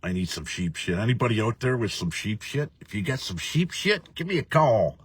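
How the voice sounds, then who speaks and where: Deep husky-voiced man ranting. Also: big pitch swings, fairly quick, dry recording. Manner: profane, rambling, laughs often. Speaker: livestream host reading viewer comments. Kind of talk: casual ranting live chat.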